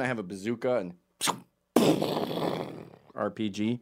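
A middle-aged man from Canada telling a funny personal story in a loose, animated way, acting out the voices of everyone in it. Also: fairly low pitch, takes it slowly. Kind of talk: comedic storytelling.

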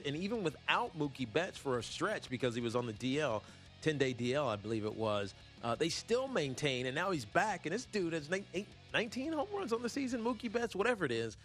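A man hosting a sports talk show, rambling and joking in a casual, animated way with lots of fillers. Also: on the high side. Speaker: sports radio host.

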